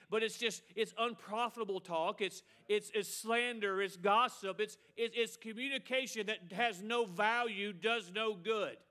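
A man's voice: high voice, bright, forceful tone. A middle-aged male pastor preaching a sermon with emphasis, repeating a refrain and mocking excuses.

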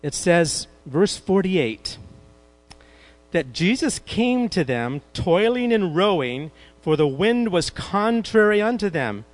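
Guy preaching, high voice, animated, keeps asking the congregation stuff. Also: takes it slowly, rough recording. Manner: animated, asks the congregation questions. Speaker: pastor. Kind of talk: sermon.

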